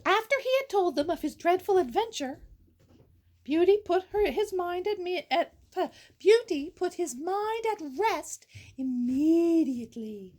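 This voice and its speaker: A woman's voice: very high voice, lively intonation, a little slow, darkish tone. A woman reading a fairy tale aloud in a playful way, breaking off for goofy asides and sound effects. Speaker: storyteller. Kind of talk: storytelling read-aloud.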